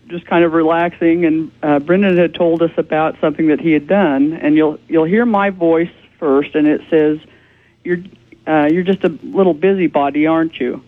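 A paranormal investigator calling in as a radio guest, explaining earnestly. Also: female voice, low voice. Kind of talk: radio interview. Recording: tinny phone line.

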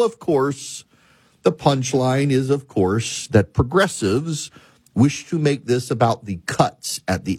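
Talk host, male, husky, emphatic storyteller, middle pitch. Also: a little mellow, dry recording. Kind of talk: talk show monologue.

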